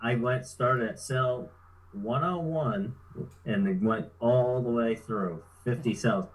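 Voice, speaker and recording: A man's voice: mid-range voice, slow pace, rough recording. A man telling a story in a casual, laid-back way, swearing freely and chuckling as he talks. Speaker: guest.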